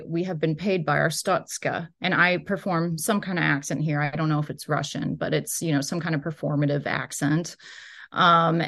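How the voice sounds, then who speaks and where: A woman's voice: low-pitched, a bit bright. A woman giving a recorded lecture, walking through a transcript in a loose, explanatory way and often hedging as she goes. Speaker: linguistics lecturer.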